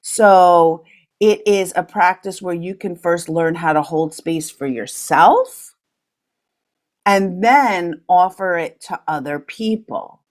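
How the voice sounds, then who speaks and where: A middle-aged woman hosting a solo podcast, talking in a gentle, earnest coaching tone. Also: fairly low pitch, slow pace. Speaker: podcast host. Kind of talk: reflective solo podcast talk.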